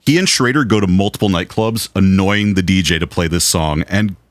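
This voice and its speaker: A man co-hosting a podcast, telling anecdotes in an animated, casual way with some swearing. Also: low voice, brisk, dry recording. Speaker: podcast co-host. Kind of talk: casual film chat.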